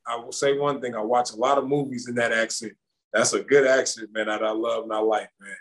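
A man's voice: medium pitch, steady tone, a little fast, fairly bright tone, poor audio. Easygoing man, chatty podcast guest. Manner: easygoing, repetitive restarts, chatty. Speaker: podcast guest, former basketball champion. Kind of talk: relaxed conversational interview.

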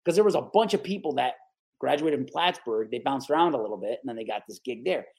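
A man in his forties, from the Capital Region of New York, tells stories as an interview guest. His pitch sits in a middle range, and his casual delivery is animated and lively. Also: quick pace. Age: 40s. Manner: animated, lively storyteller who acts out the people he quotes.

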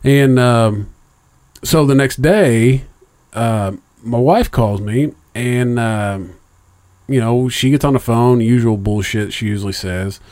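A man's voice: mid-range voice, a little mellow. A middle-aged man telling a long story in casual, profane chat, rambling, with lots of fillers and restarts, raising his voice when he quotes others.

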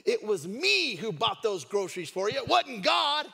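A man voicing a gruff atheist neighbor who taunts and shouts. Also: extremely high pitch, very animated, normal speed, soft background music, pitched above the performer's own voice, heavily acted. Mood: taunting. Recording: echoey hall.

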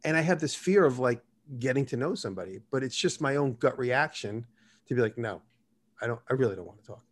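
A man's voice: mid-range voice, animated, fast talker. A man telling casual, rambling stories in an interview and acting out the dialogue in them. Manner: rambling, acts out quoted dialogue. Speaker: guest. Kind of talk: casual storytelling.

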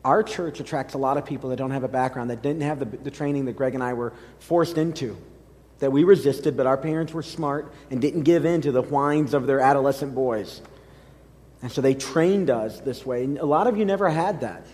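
A man's voice: mid-range voice, a little fast, a little mellow. A man preaching a sermon as pastor, earnest and building emphasis from the pulpit of a church. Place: church sanctuary. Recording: reverberant church hall.

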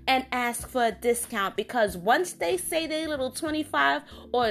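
Slow-talking, frank woman host. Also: high-pitched, animated. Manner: frank and indignant, talks with many fillers and restarts. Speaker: podcast host. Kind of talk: casual opinion monologue.

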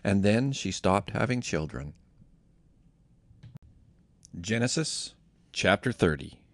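A man reading a scripture passage aloud, telling it as an expressive story. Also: lowish voice, slow, dry recording. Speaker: Bible reader.

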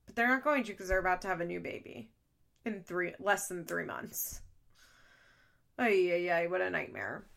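A woman's voice: mid-range voice, vocal fry, sharp tone. A woman hosting a podcast, recapping reality TV in casual, blunt, exasperated talk full of swearing. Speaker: podcast host.

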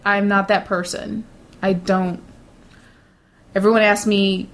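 A middle-aged woman talks in a relaxed, blunt way, sure of herself and unbothered. When she quotes nervous coworkers, she slips into mocking put-on voices. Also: medium pitch, moderate pace. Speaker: data center shift supervisor. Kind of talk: casual chat.

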